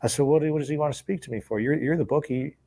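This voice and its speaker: With a fairly high, creaky voice and rapid-fire delivery, a former sports bookie casually spins a long yarn. He's relaxed, dramatizes the dialogue he remembers, and chuckles between lines.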